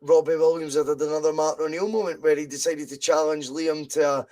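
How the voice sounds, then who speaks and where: A man with a slightly high voice, co-hosting a podcast and telling stories with lively energy. He swears freely and keeps the chat loose and casual. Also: quick pace. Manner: animated storyteller who swears freely. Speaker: podcast co-host.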